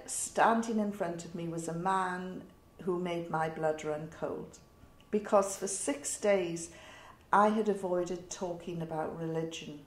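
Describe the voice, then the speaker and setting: A middle-aged woman with a northern English accent tells a personal story in a reflective, wry way, with pauses and fillers. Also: fairly low pitch. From north of England. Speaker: interviewee. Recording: roomy echo.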